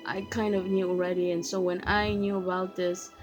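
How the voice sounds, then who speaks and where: A woman's voice: fairly low pitch, little pitch movement, moderate pace, faint music behind, rough recording. A woman giving a casual spoken testimony about her faith, earnest and repeating phrases as she recites verses with emphasis. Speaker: vlogger sharing a faith testimony.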